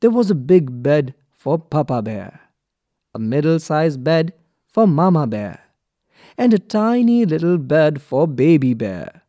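A man reading a children's story aloud from a textbook, clear and deliberate for young learners. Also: on the high side, very animated, dark tone, no echo, lo-fi sound. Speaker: textbook reader. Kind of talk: slow expressive storybook reading.

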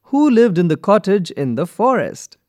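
A man reading a children's story aloud from a textbook, clear and deliberate for young learners. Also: high-pitched, big pitch swings, a little mellow, no room sound, studio quality. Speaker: textbook reader. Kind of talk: slow expressive storybook reading.

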